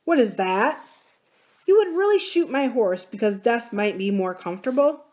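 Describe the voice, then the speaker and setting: Bitter grieving man, tense and higher-pitched, read by a woman. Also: lively intonation, normal speed, a little mellow, a little hiss or hum, natural voice.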